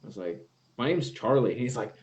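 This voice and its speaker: A young man in casual chat as a podcast guest, telling animated stories and acting out the voices he quotes. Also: mid-range voice, a little fast, lo-fi sound.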